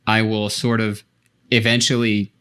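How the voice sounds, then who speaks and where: A man's voice: lowish voice, flat delivery, a little slow, pushed and bright, clear, resonant tone. A man co-hosting a podcast, explaining his thoughts at length in casual chat. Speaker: podcast co-host.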